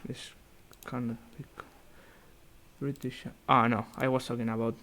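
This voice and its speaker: A man's voice: medium pitch, level tone, normal speed, sharp tone, a little hiss or hum. A young man on a video call thinking aloud as he reviews a student investment portfolio, with many fillers and restarts. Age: young adult. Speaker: student investment society organiser. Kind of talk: virtual meeting portfolio review. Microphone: computer mic on a video call.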